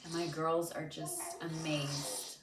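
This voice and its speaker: A young woman and mother casually telling the story of a birth, animated and dramatic, with many fillers. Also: deep voice, slow pace, music in the background. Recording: echoey room with faint background noise.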